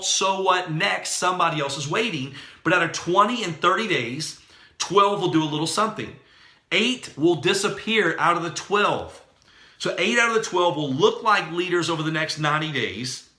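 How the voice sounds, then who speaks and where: A man delivers a motivational training talk with fired-up, preachy energy. His voice sits a little high and has a very bright, forceful edge. The room around him rings with noticeable echo. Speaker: network marketing trainer.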